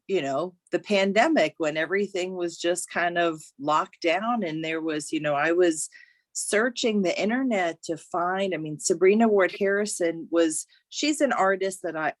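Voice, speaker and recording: Gently encouraging woman workshop leader. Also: lowish voice, no echo. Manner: earnest, gently encouraging, many "you know" fillers. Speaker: creative writing workshop leader.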